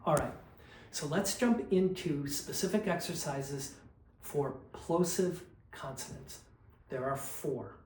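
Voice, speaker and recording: A man teaching diction drills in a calm, explanatory way, demonstrating each exercise aloud. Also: a little high, slow. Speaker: vocal coach. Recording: roomy echo, faint background noise.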